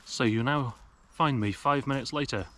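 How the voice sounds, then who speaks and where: A man's voice: mid-range voice, moderate pace, a bit bright, a little hiss or hum. Wry British man chatting in the woods. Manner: wry, self-mocking, rambling jokes. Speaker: outdoor vlogger. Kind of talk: casual chat to camera. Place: woodland outdoors. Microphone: action camera.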